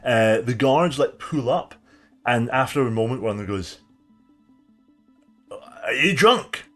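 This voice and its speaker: Brief: young male game master narrating a scene, fillers and restarts, soft music behind. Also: mid-range voice, normal speed. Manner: descriptive, hesitant, many fillers.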